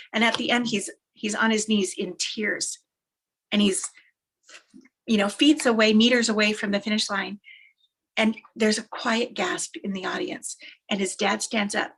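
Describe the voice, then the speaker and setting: A woman's voice: medium pitch, husky. A woman motivational speaker telling uplifting stories, emphatic and repetitive for effect. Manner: animated, emphatic, repeats phrases for effect. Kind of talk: motivational storytelling.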